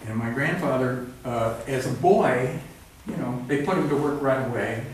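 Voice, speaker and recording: A man of medium pitch and moderate pace reads from books he authored, dry-humored and direct, with rambling asides between pieces. The live event is set in a cultural center event room. Recorded from a distance, the roomy audio has slight background noise.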